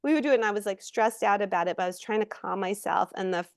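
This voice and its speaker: Animated woman telling stories. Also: medium pitch, fast talker, dry recording, clean studio sound. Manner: animated storyteller, acts out quotes. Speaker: actress guest. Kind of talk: casual interview chat.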